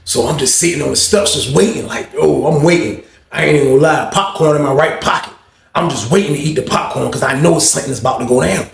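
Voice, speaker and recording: A young man with a slightly high, gravelly voice talks fast, casually telling a jailhouse story in loose slang and acting out what people said. The room is echoey, with slight background noise.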